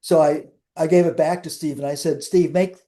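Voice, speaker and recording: A man's voice: a little high, steady tone, brisk, warm tone. An older man, a guest in an interview, telling wry, rambling anecdotes with frequent restarts.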